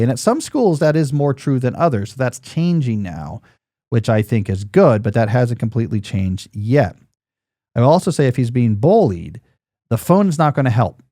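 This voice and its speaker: A man's voice: mid-range voice, mellow, no echo, clean studio sound. A man in his forties hosting a podcast in casual chat, rambling and joking, with lots of fillers and restarts. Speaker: podcast host.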